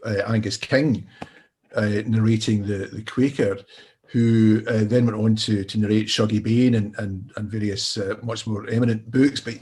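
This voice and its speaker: A man's voice: fairly low pitch, husky. A man from Scotland, a crime novelist, talking in an easygoing, hesitant way at an online festival. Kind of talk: festival talk on a video call.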